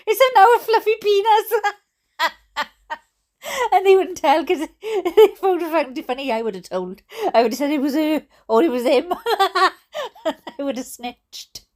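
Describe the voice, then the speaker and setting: A woman's voice: high voice, animated, a little slow, long pauses, darkish tone. Giggly Welsh woman reading funny stories. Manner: chatty, giggly, exclamatory, mock-indignant. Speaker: storyteller reading viewer stories. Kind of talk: reading funny stories aloud with chatty asides.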